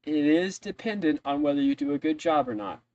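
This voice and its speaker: A man's voice: fairly high pitch, sing-song, fairly quick, darkish tone, dry recording, highs cut off. A man voicing a friendly, gossipy woman innkeeper who rambles with many fillers. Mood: chatty.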